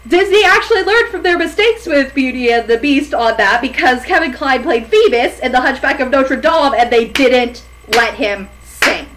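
Brief: female co-host, high bright pitch, eager and chatty, faint background hiss. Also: animated, poor audio. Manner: enthusiastic, quick to laugh. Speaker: podcast co-host. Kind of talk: casual chat about film casting.

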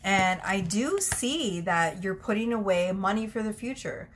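A woman's voice: medium pitch, lively intonation, measured pace, a little hiss or hum. A young woman chatting casually at home while giving a tarot reading, often breaking into giggles. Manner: giggly, chatty, self-interrupting. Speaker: tarot reader.

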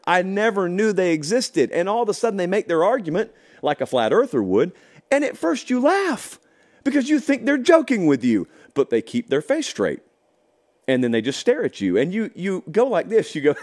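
A man hosting a college football talk show, talking casually and wryly, mock-quoting his critics with disbelief. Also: a little high. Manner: animated, wry and incredulous, mock-quoting critics. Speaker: host. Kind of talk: casual sports talk monologue.

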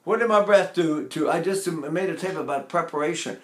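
A man's voice: fairly high pitch, a little fast. Older male voice teacher, echoey room. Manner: demonstrates with sung vowels and asks rhetorical questions. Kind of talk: vocal technique lesson.

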